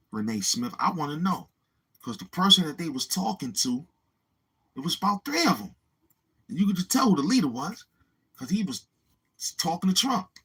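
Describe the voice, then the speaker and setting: A man's voice: on the high side, fairly bright tone, husky, poor audio. A man chatting casually on his livestream, rambling and swearing as he talks straight to his viewers. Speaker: YouTube livestreamer.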